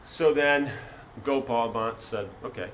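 A man's voice: medium pitch, moderate pace, a bit bright, a little hiss or hum, low-quality recording. Brief: man teaching a sermon, loose and rambling, mid-range voice. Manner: rambling, many fillers like "you know". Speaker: spiritual teacher. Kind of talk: sermon with a told story.

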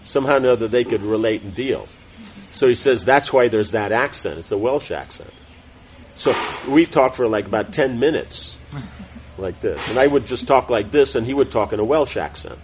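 A middle-aged man teaching a scripture class, reading a text aloud in a measured, deliberate way with small self-corrections and chatty asides. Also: mid-range voice, lively intonation, slight background noise, poor audio.

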